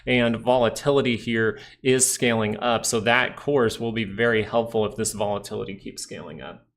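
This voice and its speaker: Nasal, gravelly man talking stock charts. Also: on the low side, normal speed. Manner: relaxed, rambling, talks to chat viewers. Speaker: stock market livestream host. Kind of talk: casual live market commentary.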